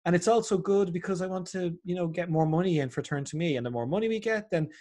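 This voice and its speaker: An Irish man with a fairly high voice tells stories in an animated, chatty way. He acts out the people he quotes, jumping between voices as he goes. The tone is casual and conversational, like a guest in an interview. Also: fast. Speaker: podcast guest, comedian. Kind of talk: casual chat.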